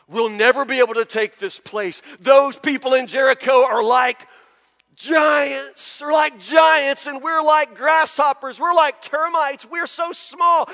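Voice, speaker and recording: A man's voice: very high-pitched, pushed and bright, big-room sound, heavily acted. A man preacher acting out frightened scouts who exclaim in exaggerated despair.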